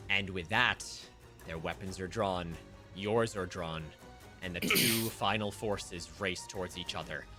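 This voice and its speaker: A man's voice: sits low, unhurried, over music. A man running a livestreamed tabletop game as game master, narrating casually with fillers. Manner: relaxed, rambling with fillers.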